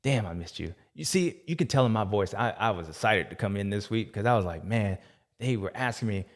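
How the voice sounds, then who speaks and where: A man's voice: fairly low pitch, a little fast. Slangy male host recapping races. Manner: slangy, animated storytelling. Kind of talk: casual race recap chat.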